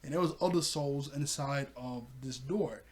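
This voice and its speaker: A man's voice: medium pitch, moderate pace, slight background noise. Chatty young man recapping a cartoon. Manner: chatty, retells scenes acting out quoted lines, laughs often. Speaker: cartoon episode reviewer. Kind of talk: casual recap and commentary.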